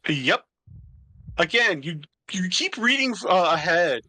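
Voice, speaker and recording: A man's voice: sits high, very animated, slow pace, bright, forceful tone, dry recording. A man joking sarcastically as a guest co-player, giving casual commentary on a game. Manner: sarcastic, wisecracking.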